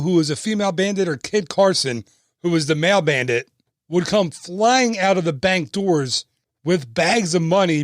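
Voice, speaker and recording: A man's voice: fairly high pitch, no echo, clean studio sound. A man hosting a podcast, telling stories in a chatty way and laughing at himself. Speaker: podcast host. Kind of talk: casual storytelling narration.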